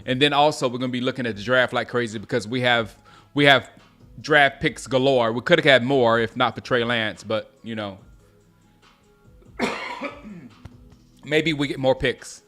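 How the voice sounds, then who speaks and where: Bright-voiced man chatting live over a game. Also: mid-range voice, moderate pace, pauses often, faint music behind. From Gaffney, South Carolina. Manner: chatty, reacts excitedly to plays, reads viewer comments aloud. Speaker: sports livestream host. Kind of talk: casual live game commentary and chat.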